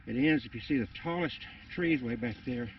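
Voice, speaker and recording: A man's voice: medium pitch, a little fast, noisy background. A man rambling through a casual vlog outdoors, out of breath and full of fillers. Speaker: vlogger. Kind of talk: casual rambling walk-and-talk. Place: outdoors on wooded rural land. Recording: distant dull outdoor recording.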